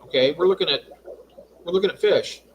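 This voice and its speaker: A man's voice: high voice, a little fast, slight background noise. A man hosting a casual livestream from his fish room at home, chatting and reading out viewer comments. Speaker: livestream host.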